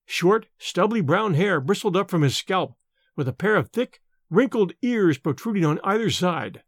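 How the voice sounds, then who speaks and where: A man narrating a classic horror story with a dramatic, expressive reading. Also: sits high, normal speed, dry recording, clean studio sound.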